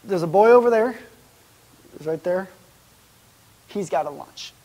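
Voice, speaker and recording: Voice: mid-range voice, expressive, unhurried, a little mellow. A pastor giving a sermon in a church, speaking in a casual, conversational way. The preacher keeps wondering aloud and putting rhetorical questions to the congregation.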